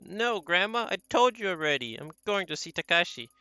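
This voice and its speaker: A hurt young woman confronts her family, defiant and accusing, read by a man in his ordinary voice. The tone is very bright. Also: sits high, sing-song, brisk, clean tone, no echo, pitched above the performer's own voice, exaggerated voice. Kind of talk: reading game dialogue aloud.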